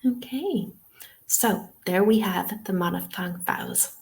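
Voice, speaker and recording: Slow Irish woman teaching pronunciation. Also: mid-range voice. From Ireland. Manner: slow, clear modelling of sounds with frequent "okay?" checks. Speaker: TEFL trainer. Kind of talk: webinar lesson.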